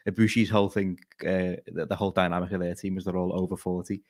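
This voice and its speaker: A man's voice: low-pitched, little pitch movement, fast, a little mellow. A man co-hosting a podcast, talking casually with frequent restarts and fillers. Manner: hesitant, many restarts and fillers. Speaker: podcast co-host. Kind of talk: casual wrestling podcast chat.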